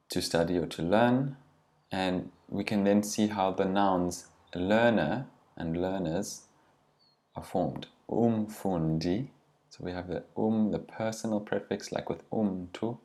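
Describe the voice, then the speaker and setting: A man's voice: sits low, a little mellow. A man teaching a language lesson, saying each word carefully and then giving its meaning. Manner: deliberate, pronounces each word then glosses it.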